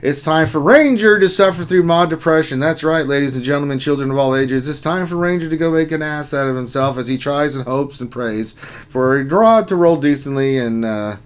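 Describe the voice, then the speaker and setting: A man's voice: on the high side, a little fast, clear, resonant tone. A man hosting a casual livestream, reading out chat names and mock-groaning about his luck. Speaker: stream host.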